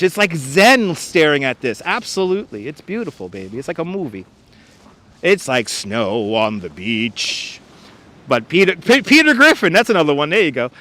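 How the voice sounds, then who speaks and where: Live-stream host, man, a bit high-pitched, casual and chatty, reads out viewer comments, outdoor clip-on mic. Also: a bit bright. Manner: chatty, reads out viewer comments and greets them by name, laughs often. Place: outdoors on a frozen beach. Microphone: wireless clip-on mic.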